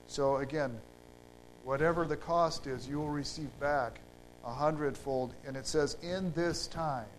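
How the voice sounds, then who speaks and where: A man preaching a sermon in an unhurried, halting way, with fillers and restarts. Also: on the high side, a little hiss or hum, poor audio.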